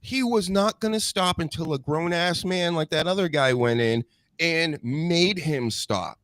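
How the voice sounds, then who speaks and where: A man's voice: fairly high pitch, unhurried, a bit bright, no echo, studio quality. Blunt, profane podcast host man. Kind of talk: casual live-stream commentary.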